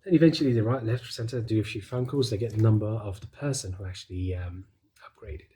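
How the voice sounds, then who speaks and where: A man casually retelling a story, animated, with filler words and quoted dialogue. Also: on the low side, fast, breathy edge, rough recording.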